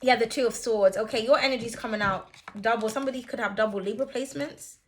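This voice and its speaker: A woman's voice: a little high, fast talker, a little hiss or hum. A young woman giving a casual tarot reading, chatty and blunt, swearing and laughing freely as she talks. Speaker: tarot reader.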